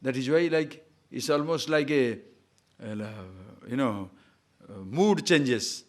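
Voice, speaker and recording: A man lecturing on scripture as a spiritual teacher, chanting Sanskrit verses and acting out examples, swinging between loud and hushed. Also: a little high, lively intonation, moderate pace.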